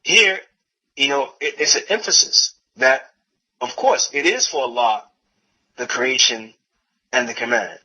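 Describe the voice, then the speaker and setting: Male lecturer, husky tone, hesitant self-correcting delivery, muffled recording. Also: mid-range voice, bright, forceful tone. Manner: halting, self-correcting, repeats phrases while translating. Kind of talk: religious lecture reading and translating a text.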